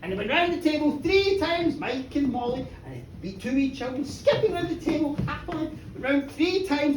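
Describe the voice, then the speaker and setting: Animated woman telling a folk tale. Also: sits high, brisk, few pauses, slight background noise. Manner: animated, dramatic, playful. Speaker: storyteller. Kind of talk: live folk-tale storytelling. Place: pub, indoors. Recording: echoey pub room, distant mic, faint ambience.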